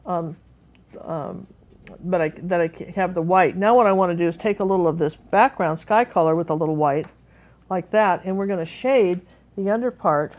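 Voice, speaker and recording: A woman with a somewhat low voice leads a live painting lesson. She chats and tells stories as she paints, rambling with plenty of fillers and restarts. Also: normal speed, a little mellow, muffled recording. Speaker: painting teacher. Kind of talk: live painting class, chatty storytelling.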